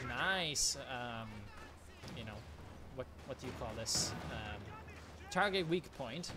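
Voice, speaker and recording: A man giving live commentary on a strategy game match, excitable and swearing freely, often breaking into laughter. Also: medium pitch, slow pace, music in the background. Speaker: game caster.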